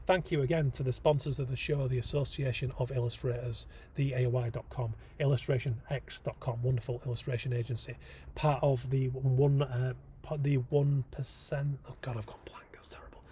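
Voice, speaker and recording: A man's voice: mid-range voice, little pitch movement, normal speed, dark tone, a little hiss or hum. A man hosting a casual solo podcast, talking enthusiastically with frequent ums and rambling asides. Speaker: podcast host.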